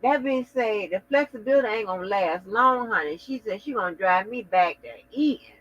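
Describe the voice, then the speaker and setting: Sassy man with a high, lively voice. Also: normal speed. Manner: sassy, teasing, exclamatory. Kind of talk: casual chat. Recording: dull lo-fi sound.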